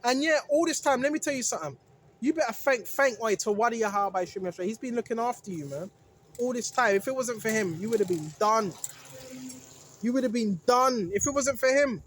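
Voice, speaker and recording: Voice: medium pitch, brisk, slight background noise. A religious video maker preaching casually to viewers, repeating phrases for emphasis, restarting sentences and often asking "right?". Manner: self-correcting, restarts phrases.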